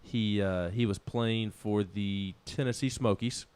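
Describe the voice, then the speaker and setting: A man's voice: fairly low pitch, fairly even intonation, a little slow, a little mellow, smooth. A man co-hosting a casual sports talk show, rambling with many restarts and laughing at himself. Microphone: studio microphone.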